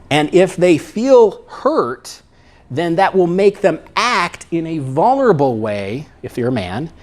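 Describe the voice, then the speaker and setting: A man's voice: a little high, darkish tone. A middle-aged man, a psychologist, giving a conversational lecture and often checking in with "right?" and "okay?". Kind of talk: lecture talk.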